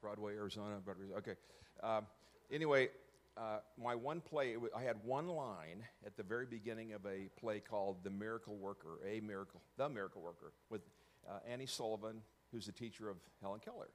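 A middle-aged man with a low voice tells a personal story to an audience. He speaks haltingly, correcting himself as he goes and tossing in joking asides.

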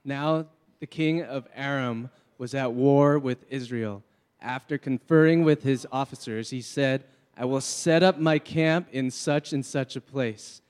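Guy leading a bible reading out loud, smooth clear voice, big echoey church hall. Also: mid-range voice, unhurried. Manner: reads aloud steadily, jokes with the crowd. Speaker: scripture reader. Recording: long hall reverb.

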